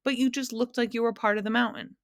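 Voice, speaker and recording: A woman's voice: a little high, steady tone, fast, vocal fry, no echo, studio quality, pitched above the performer's own voice. A woman reading aloud and voicing an earnest young boy, speaking up urgently and indignantly.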